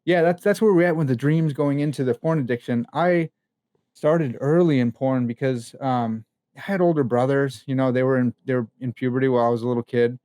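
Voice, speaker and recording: A man's voice: medium pitch, fairly quick, no room sound, clean studio sound. Candid, slangy young man telling stories. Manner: candid, animated storytelling with slang and fillers. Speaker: podcast guest. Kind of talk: casual conversation.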